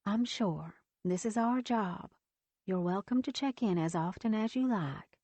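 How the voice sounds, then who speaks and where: A woman voicing a kind female nurse who speaks gently, steadily and reassuringly. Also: medium pitch, unhurried, dry recording.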